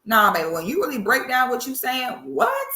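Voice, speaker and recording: A woman doing reaction commentary in a sassy, animated, drawling way. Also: fairly high pitch, fast, echoey room. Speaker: commentary host.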